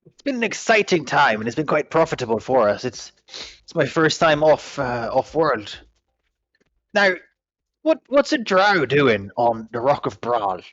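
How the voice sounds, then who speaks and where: A man doing a friendly ship captain who halts and restarts as he pitches a place on his crew. His voice sits in a middle pitch, and the online-call audio is slightly muffled. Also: sing-song, a bit bright, no echo. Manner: rambling, halting restarts. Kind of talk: tabletop role-play.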